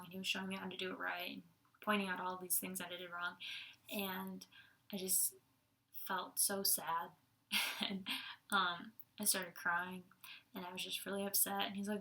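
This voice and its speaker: A woman's voice: medium pitch, flat delivery, normal speed, long pauses, bright, forceful tone. A young woman giving a casual Sunday devotional talk, chatty, laughing often and using many fillers. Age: young adult.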